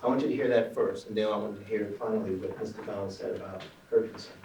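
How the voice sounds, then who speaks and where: A man's voice: fairly low pitch, steady tone, fast talker, a little mellow, slight background noise. A male attorney delivering a closing argument, speaking emphatically to the jury. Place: echoey courtroom. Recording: echoey courtroom recording from far off.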